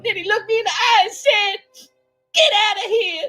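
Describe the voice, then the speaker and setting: A woman's voice: extremely high pitch, normal speed, sharp tone, soft background music, low-quality recording. A woman voicing a whiny, self-pitying figure in a comedy parody. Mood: mock dramatic.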